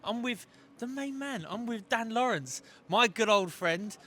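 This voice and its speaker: A man hosting a boxing show, a former boxer himself, asking chummy, quick questions in a casual interview. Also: very high voice, expressive, pushed and bright.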